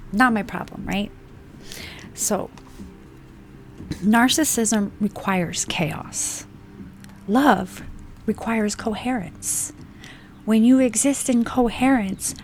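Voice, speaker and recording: A woman giving an emphatic, unscripted spiritual monologue, stressing points with swearing and slow, deliberate phrasing. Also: medium pitch, slight background noise. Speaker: spiritual channel host.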